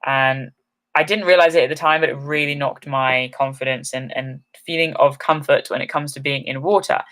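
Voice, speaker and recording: A woman's voice: rumbling low, steady tone, moderate pace, a bit bright. A woman hosting an outdoor channel's live stream, chatting upbeat and rambling with many ums while reading comments, a little tired.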